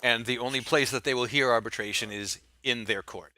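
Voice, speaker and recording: Bright-voiced male game master. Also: mid-range voice, steady tone, brisk, dry recording. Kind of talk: narrating a tabletop game.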